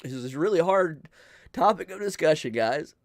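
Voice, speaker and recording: A man hosting a channel, talking earnestly and emotionally to his viewers, pleading with them, sighing and pausing as he speaks. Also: fairly high pitch, lively intonation, no room sound, studio quality. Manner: emotional, pleading, with sighs and pauses. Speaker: channel host. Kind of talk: earnest heartfelt talk to viewers.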